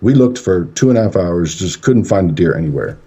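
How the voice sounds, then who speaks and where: A man guesting on a radio show, telling a long story in a rambling, casual way and acting out what people said. His voice sits low and is husky and mellow. The line sounds dull and lo-fi. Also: animated, a little fast. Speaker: guest paranormal investigator.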